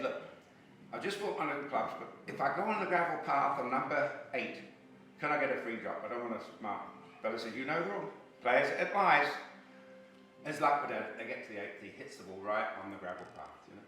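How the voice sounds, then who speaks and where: A man's voice: pushed and bright, slight background noise. Chatty man telling jokes on stage. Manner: chatty, filler-heavy, pitches up to act out quoted lines. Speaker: stand-up comedian. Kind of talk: stand-up joke telling. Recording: echoey room, mic at a distance.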